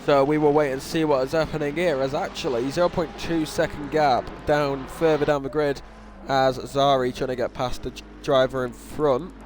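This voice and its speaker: A man's voice: mid-range voice, little pitch movement, moderate pace, slight background noise. A young man commentating a sim racing event live, casual and self-deprecating, often restarting his sentences. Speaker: race commentator.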